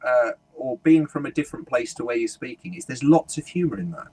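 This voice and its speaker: Dry, teasing man with a husky voice. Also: mid-range voice, brisk, a little mellow, rough recording. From London. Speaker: guest humorist and speaker. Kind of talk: conversational interview storytelling.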